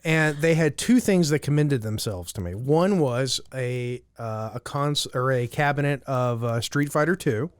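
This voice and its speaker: A man's voice: mid-range voice, expressive, unhurried, few pauses, clear, resonant tone, dry recording, clean studio sound. A man from Louisiana co-hosting a podcast, chatting casually in a rambling way. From Louisiana, USA. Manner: rambling, lots of fillers and restarts. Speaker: podcast co-host. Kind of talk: casual chat.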